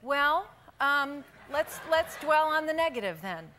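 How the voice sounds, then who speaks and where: A woman in her fifties, a talk show guest telling an animated story and laughing often in a TV studio. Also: high voice, a little slow, slight background noise. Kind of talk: late-night interview chat. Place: television studio.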